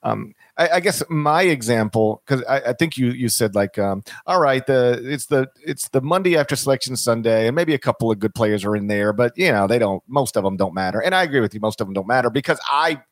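Rambling through casual sports chat with frequent restarts and fillers, this male podcast co-host talks animatedly and fairly quickly, barely pausing. His mid-range voice is captured cleanly in a studio with no room sound.

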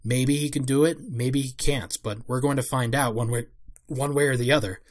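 A young man hosts a solo basketball podcast, breaking down a playoff series in a relaxed, unscripted way. His voice sits at an ordinary middle pitch, and he thinks aloud with plenty of fillers and self-corrections. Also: normal speed. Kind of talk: solo casual sports analysis.

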